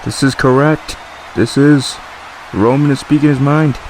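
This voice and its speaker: A man giving excited play-by-play commentary over a wrestling video game, calling the action as it happens. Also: medium pitch, measured pace, slight background noise. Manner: excited, exclamatory ringside calling.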